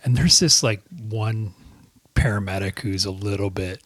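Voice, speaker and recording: A man's voice: on the low side, moderate pace, fairly bright tone, no room sound. A man who works as a firefighter, co-hosting a podcast and telling stories in a plain-spoken, laid-back way. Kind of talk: casual chat and storytelling.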